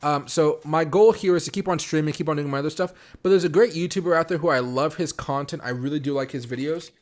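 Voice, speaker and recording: A man hosting a casual late-night crypto live stream from home, talking fast and rambling with lots of fillers and restarts. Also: on the high side. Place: home room.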